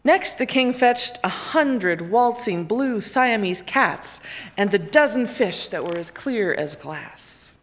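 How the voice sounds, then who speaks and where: A woman reading a children's picture book aloud in an expressive, lively storytelling way. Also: medium pitch, slow pace.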